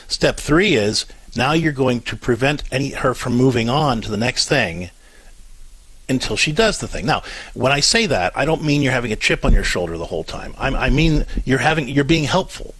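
A man's voice: mid-range voice, animated, moderate pace, fairly bright tone, husky, no room sound. A man co-hosting a call-in radio show, earnestly coaching a parent step by step and acting out what to say.

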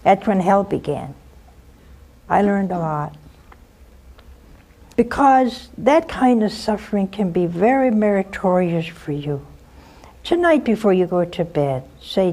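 A woman's voice: mid-range voice, expressive, a little slow, long pauses, warm tone. An older woman, a nun, gives advice to a caller and tells stories from her own life in an earnest, direct way, often ending a point with "huh?" or "see?". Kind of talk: advice talk with personal storytelling.

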